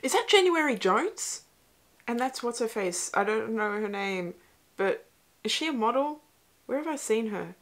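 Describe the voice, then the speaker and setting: A woman's voice: fairly high pitch, animated, moderate pace. A young woman hosting a casual movie reaction, chatty and emotional, with whispered asides. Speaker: host.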